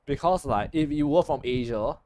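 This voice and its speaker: A man's voice: a little high, normal speed, a little mellow, no echo. A young man chatting casually over gameplay, joking and correcting himself with many restarts. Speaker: gaming streamer.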